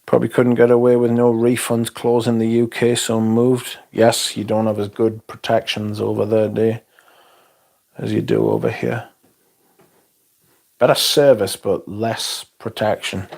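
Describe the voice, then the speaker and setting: Male streamer, lowish voice, deadpan sweary banter. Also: creaky. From England. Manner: blunt, sweary, dry sarcastic humour. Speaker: livestream host reviewing fragrances. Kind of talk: casual livestream chat reading comments.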